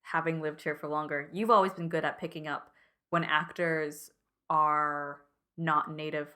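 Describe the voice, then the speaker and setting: A woman's voice: deep voice, level tone, a little slow, bright, forceful tone. A young woman co-hosting a podcast in casual chat, hesitant and self-deprecating, often laughing. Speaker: podcast co-host.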